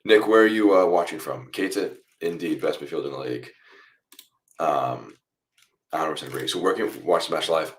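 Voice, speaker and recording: This is a young man with a remarkably deep, low voice, hosting a live football watchalong stream. He talks casually to his viewers and walks through each play as he watches. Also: brisk. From United States. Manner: chatty, reacts loudly to goals then explains calmly. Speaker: watchalong host.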